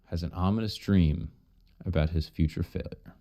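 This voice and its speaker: A man's voice: sits low, normal speed, mellow. A man streaming while he retells an old myth in a casual, profane, joking way, full of asides.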